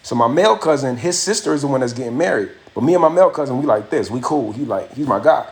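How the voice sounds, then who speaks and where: A man, hosting a livestream and telling a story casually, slangy and animated, repeating phrases for effect. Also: mid-range voice, fast talker. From Miami, USA. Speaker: livestream host.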